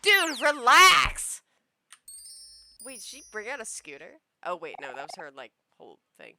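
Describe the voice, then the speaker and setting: A woman's voice: lowish voice, big pitch swings, fast, pushed and bright, slight background noise. A woman streamer giving casual let's-play commentary, with joking asides while she plays. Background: game music.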